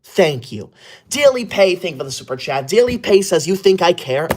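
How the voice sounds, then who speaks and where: An actor playing a bossy, easily offended young male livestreamer who scolds his viewers while keeping his voice hushed, streaming from an upstairs room away from home. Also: high-pitched, very animated, normal speed. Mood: indignant. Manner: indignant, scolding, keeps voice hushed. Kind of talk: comedy skit of a live stream.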